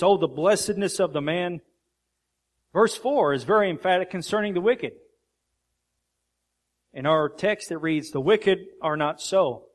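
A man preaching a sermon with emphatic rhetorical questions. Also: a little high.

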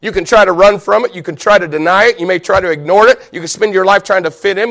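A middle-aged pastor preaches a sermon in a high voice, talking a little fast with few pauses. He tells a personal story with animation, shouting and laughing as he retells it, and builds to emphatic lines he repeats with rising force.

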